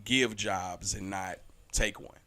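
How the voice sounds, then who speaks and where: Low-voiced man rambling casually. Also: slow pace. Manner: relaxed, rambling with many fillers. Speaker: candy company founder. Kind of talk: casual chat.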